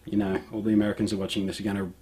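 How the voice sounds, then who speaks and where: A man's voice: fairly low pitch, flat delivery, racing, warm tone. Sarcastic Australian man ranting. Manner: sarcastic, mocking. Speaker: vlogger. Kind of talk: ranting vlog monologue.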